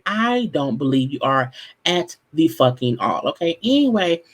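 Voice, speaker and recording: Blunt, profane recap host; exasperated, mid-pitched, chatty. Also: big pitch swings, unhurried, rough recording. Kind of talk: casual recap commentary.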